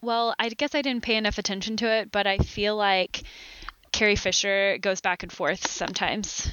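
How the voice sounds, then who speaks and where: A woman's voice: mid-range voice, fairly even intonation, moderate pace, bright, forceful tone, a little hiss or hum, poor audio. A woman chatting casually on a podcast, laughing often. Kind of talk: casual chat.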